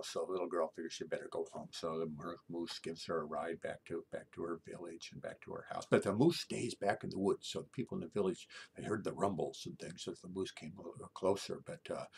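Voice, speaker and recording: A man telling a family bedtime-style story in a conversational way, often dropping to a hushed whisper, with frequent fillers like "you know.". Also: low-pitched, fast talker, creaky, a little hiss or hum.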